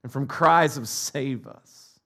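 A male pastor preaching a sermon, swinging between loud impassioned cries and hushed, almost whispered lines. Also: mid-range voice, slow pace.

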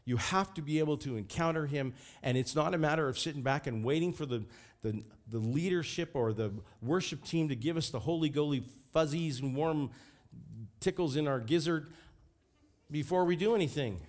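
A man's voice: on the high side, normal speed. A man preaching a sermon as pastor, fervent and emphatic.

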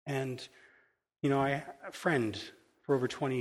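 A man's voice: mid-range voice, expressive, moderate pace, breathy edge. A middle-aged man, a pastor, giving a conversational sermon that is candid and self-deprecating, with casual storytelling full of restarts.

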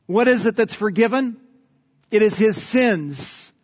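A male pastor delivers an earnest sermon, pressing his points through repetition. His voice sits high and moves at a slow, deliberate pace. The recording is dull and lo-fi, and a long reverb hangs after each phrase. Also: lively intonation.

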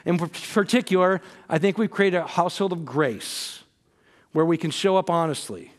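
A man's voice: sits high, moderate pace. A man in his forties preaching a sermon, telling family stories in an earnest way that rises to emphatic peaks. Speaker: pastor.

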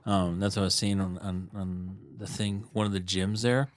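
Man, low voice, casual podcast co-host, rambling stories, dry sound. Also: flat delivery, moderate pace, no room sound. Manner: loose storytelling, says "dude" and "like". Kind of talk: casual chat. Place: studio.

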